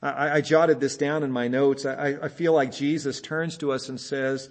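A man's voice: mid-range voice, moderate pace, hardly any pauses. A man preaching a sermon as a pastor, speaking emphatically and asking his listeners rhetorical questions. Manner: mimics dull repeated phrases in a flat, weary tone.

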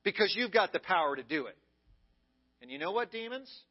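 A man's voice: high-pitched, big pitch swings, fairly quick. A man voicing a scheming male devil who boasts to his demons in a taunting manner, on a dull lo-fi recording. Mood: scheming, boastful.

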